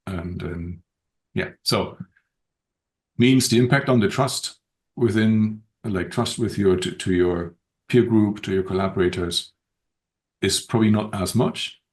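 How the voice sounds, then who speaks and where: Man, very low voice, podcast guest, measured, hesitant restarts. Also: darkish tone. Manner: thoughtful, measured, frequent ums and restarts. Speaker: podcast guest, open-source community director. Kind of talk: unscripted podcast conversation.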